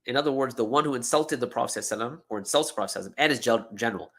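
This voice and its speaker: A man teaches a scripture lesson with a bright, forceful voice. He explains step by step, keeps checking in with his listeners, and repeats key words for emphasis. His pitch sits in a middle range for a man. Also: rapid-fire. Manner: explanatory, checks in with frequent "okay?" and "right?"; repeats words for emphasis, self-corrects mid-sentence. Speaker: lecturer. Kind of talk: classroom lecture on scripture.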